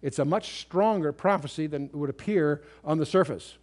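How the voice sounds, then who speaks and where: A man's voice: a little high, moderate pace, hardly any pauses, darkish tone. A man giving an unscripted Bible commentary lecture, reading old King James verses aloud and explaining them emphatically, with restarts and fillers. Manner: reads scripture aloud in King James wording. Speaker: Bible teacher. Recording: remastered lecture recording.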